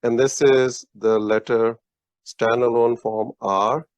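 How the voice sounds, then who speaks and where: Slow, patient man teaching a lesson. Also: medium pitch, steady tone, darkish tone, no room sound. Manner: patient, slow explaining with frequent restarts and praise. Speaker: Urdu teacher. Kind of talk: casual one-on-one language lesson. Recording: dull, lo-fi, dry audio.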